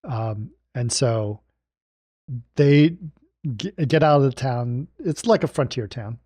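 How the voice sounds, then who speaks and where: A man in relaxed film-podcast conversation, recapping plot beats and tossing in quick agreements. His mid-pitched voice sits in a dry, close sound with little room echo. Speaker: podcast co-host. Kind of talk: casual film discussion.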